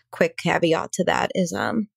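A woman's voice: lowish voice, sing-song, slow pace, creaky, slightly rough, dry recording, studio quality. A woman coach hosting a podcast, talking in a candid, earnest and casual way, with plenty of fillers and the odd swear word. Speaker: podcast host and emotional abuse coach.

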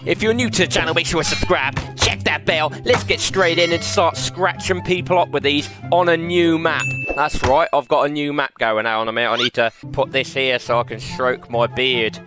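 A man giving excitable, joking gameplay commentary as host of his own channel, laughing often and playing around with his lines. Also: fairly high pitch, moderate pace, hardly any pauses. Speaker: gaming host. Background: background music.

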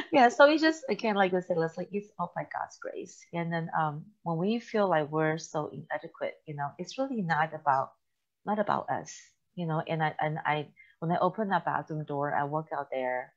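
A woman co-hosts a church talk show podcast, telling stories casually with laughter and acted-out quotes. Her low, expressive voice moves at a moderate pace, and the recording sounds muffled.

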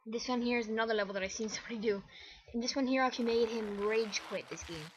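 A woman narrating her own game run as she plays, slipping between low mutters and sudden excited yelps. Her voice sits a little high for a woman. A steady hiss of background noise runs under the recording. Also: fast talker. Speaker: gamer. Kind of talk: let's play commentary.

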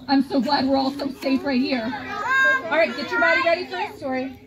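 Animated high-voiced woman reading to kids. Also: moderate pace, crowd noise, noisy background. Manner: animated, playful, talks to kids. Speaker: children's librarian storyteller. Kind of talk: children's storytime reading.

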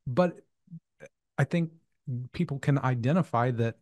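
A male podcast host speaking in a halting, reflective way, often repeating words as he thinks. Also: medium pitch, a little mellow, dry recording. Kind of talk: casual interview chat.

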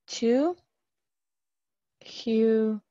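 A woman teaches a live online English class, cheering her students on and greeting each one by name. Her voice sits high and her pace is unhurried. The sound is dry and close, with no room echo. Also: dark tone, muffled recording.

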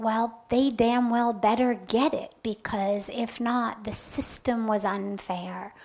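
A woman spiritual teacher telling a story in a talk. She is soft and earnest, and her voice often drops to a breathy near-whisper. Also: on the high side, low-quality recording.

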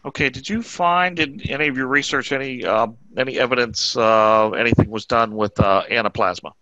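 A man's voice: mid-range voice, fairly quick, sharp tone, dry recording. A man moderating a webinar, asking audience questions and making polite announcements with many hesitations. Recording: dry dull video call audio.

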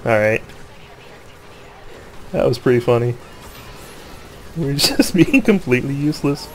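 A man at a middle pitch chats loosely over his own gameplay, laughing easily and poking fun at himself. His voice turns excitable in the busy moments, and a faint hiss of noise sits under the recording. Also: unhurried. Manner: laughs often, excitable, joking, self-mocking. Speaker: gamer commentating his own play. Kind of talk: casual gameplay commentary.

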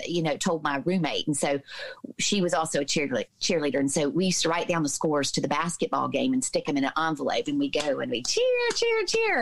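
A woman in her fifties from the Southern United States, a podcast guest telling personal stories in a lively way, with many fillers. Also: deep voice, rough recording. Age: 50s. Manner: lively storyteller, mimics voices in quotes, many fillers. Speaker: podcast guest, author and healer. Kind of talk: personal storytelling in a conversation.

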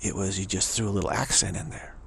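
A man's voice: low-pitched, flat delivery, fast, creaky, fairly bright tone, slight background noise. A man talking in a loose, rambling monologue to an audience, repeating himself and breaking into scat-like asides. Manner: loose, repetitive, drum-like scatting and asides. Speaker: speaker addressing an audience.

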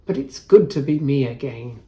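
A man's voice: mid-range voice, normal speed, dark tone, lightly acted. A man voicing a friendly, polite young princess in a children's story.

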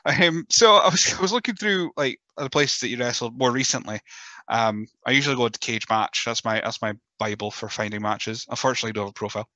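A Scottish man hosting a casual podcast interview, jokey and quick to laugh, acting out what people say. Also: mid-range voice, pushed and bright, no echo. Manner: chatty and jokey, laughs often, mimics people. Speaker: podcast host.

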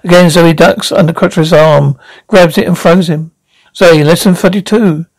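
A man's voice: fairly high pitch, steady tone, normal speed, no room sound, poor audio. Guy reading out stage directions, stumbles here and there, dry close sound. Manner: plain reading with slips and restarts. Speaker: reader.

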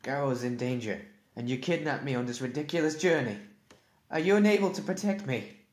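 A man's voice: on the low side, normal speed, natural voice. A man voicing an injured young farm boy, speaking in a pleading, exasperated way. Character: young male farm boy, hurt and frustrated. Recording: echoey room.

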